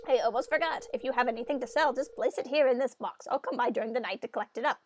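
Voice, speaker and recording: A woman voicing an older man who is mayor of a farm town, in a gruff put-on voice. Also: on the high side, fast talker, a little hiss or hum, natural voice.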